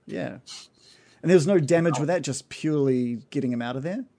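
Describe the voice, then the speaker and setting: A man's voice: fairly high pitch, brisk, creaky, warm tone. Young guy running a tabletop game, laid-back, chuckles a lot, easygoing narration. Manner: casual, chuckling, loose descriptive narration. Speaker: game master.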